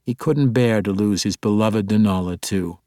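A man narrating an audiobook in a steady, expressive reading. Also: lowish voice, normal speed, no room sound, clean studio sound. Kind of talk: scripted narration.

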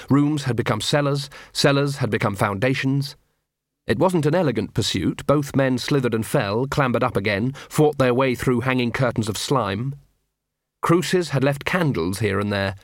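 A man narrating a story in a steady storytelling manner, lightly voicing the dialogue. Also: mid-range voice, dry recording, clean studio sound. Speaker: audiobook narrator. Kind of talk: scripted narration.

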